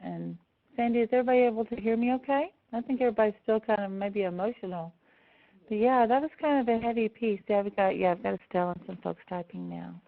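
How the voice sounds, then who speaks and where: A woman presenting an online seminar, tender and close to tears as she speaks warmly to her attendees. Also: mid-range voice, quick pace, gravelly. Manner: warm, affectionate address to attendees. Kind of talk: live online seminar talk. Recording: tinny phone-like audio.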